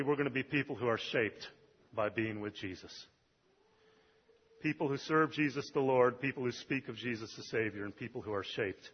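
A male pastor preaches in a loose, conversational style, filling gaps between points with "um" and "uh." His slightly high voice carries a husky edge. The lo-fi, dull recording picks up the long reverb of a large church hall.

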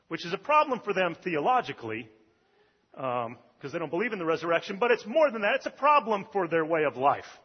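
In a big church hall whose long reverb fills the dull, lo-fi recording, a pastor gives a sermon in relaxed, conversational fashion. He leans on "um" and "uh" as he moves from point to point, his voice a little high and husky.

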